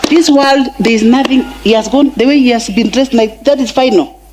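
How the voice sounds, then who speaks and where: A woman's voice: a little high, a little fast, a little mellow, slight background noise. A middle-aged Kenyan woman with a Kenyan accent giving an emotional eulogy for her husband and mixing in Swahili phrases. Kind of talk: funeral eulogy speech. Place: large funeral gathering.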